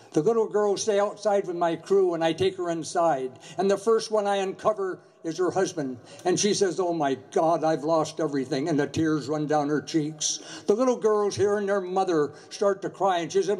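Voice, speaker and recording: An older man giving an earnest, measured memorial speech, telling a story from his years commanding a Coast Guard station. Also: high-pitched, a little mellow.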